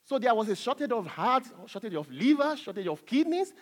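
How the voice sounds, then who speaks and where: A middle-aged man preaching a sermon, emphatic and earnest, with soft asides and chuckles. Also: extremely high pitch, big pitch swings, brisk.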